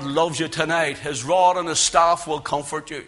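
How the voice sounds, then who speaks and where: A man preaching a sermon in a church, with a loud, carrying voice that swings from emphatic peaks to low, hushed lines. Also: steady tone, moderate pace, hardly any pauses. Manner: impassioned, rising to loud emphatic peaks then dropping low. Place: church with speakers.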